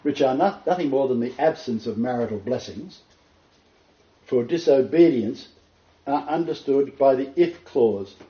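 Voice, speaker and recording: With a warm, medium-pitched voice, a preacher reads scripture and drives home his main points emphatically through repetition. The recording sounds roomy, dull, and lo-fi.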